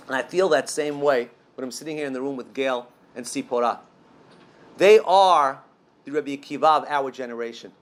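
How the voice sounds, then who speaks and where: High-voiced man telling a story. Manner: animated storyteller, rhetorical questions. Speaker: speaker at a Passover event. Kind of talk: storytelling speech to a live audience. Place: room with an audience.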